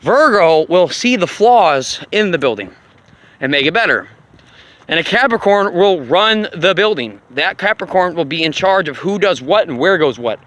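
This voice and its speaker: A man rambling casually and profanely, laughing often, in an animated monologue. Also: high voice, normal speed. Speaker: vlogger on astrology.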